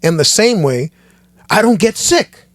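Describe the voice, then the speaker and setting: A man with a fairly high voice, appearing as a guest pastor, chats casually on a podcast at a slightly slow pace. His delivery is lively and sermon-like, looping and restarting phrases to build his argument, and the audio is close-miked and dry with no echo.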